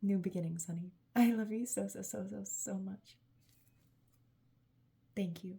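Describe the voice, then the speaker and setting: A tired, emotional woman giving a gushing, affectionate channeled spiritual message to her viewers, laughing often and dropping into soft whispery asides. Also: mid-range voice, measured pace, vocal fry, long pauses, slightly rough. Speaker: tarot reader and channeler.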